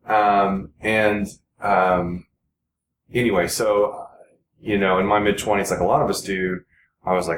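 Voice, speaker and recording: With a steady tone and normal speed, a somewhat low-voiced man in his forties chats casually as a podcast guest. He rambles earnestly and restarts often, in a roomy, echoey space with clear background noise.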